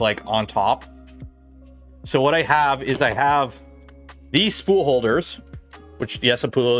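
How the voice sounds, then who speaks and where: A Canadian man hosts a livestream, rambling casually as he works at his bench and filling his talk with lots of "like" and "uh." His voice sits at a medium pitch with a fairly bright tone.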